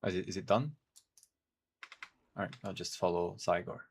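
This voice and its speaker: A low-voiced man whose first language is Portuguese, chatting casually while he streams a game. He talks in a halting way and thinks out loud as he plays. Faint keyboard clicks sit behind his voice. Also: steady tone, gravelly, slight background noise. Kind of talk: casual gameplay stream chat.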